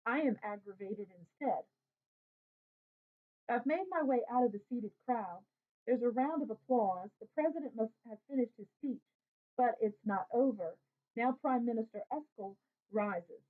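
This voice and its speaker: A woman reading a first-person novel aloud as an audiobook narrator, telling the story in a lively boy's voice. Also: on the high side. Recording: tinny phone-like audio.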